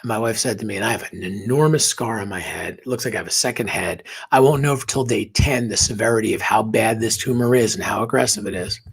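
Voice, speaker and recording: A man's voice: on the low side, fast talker, gravelly, hardly any pauses, slightly rough. A man guesting on a podcast, telling a personal story earnestly and emotionally, dropping to a whisper at tender moments.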